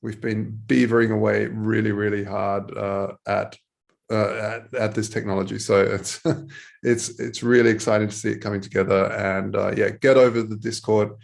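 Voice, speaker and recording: A man on a panel show, talking casually and relaxed with many fillers. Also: on the low side, moderate pace, vocal fry. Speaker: panel guest.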